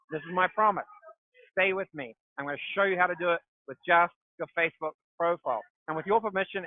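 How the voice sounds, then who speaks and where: Upbeat New Zealand man on tinny line. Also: no room sound. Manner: upbeat, self-joking salesy pitch. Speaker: real estate marketing coach. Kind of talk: live webinar presentation. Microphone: livestream.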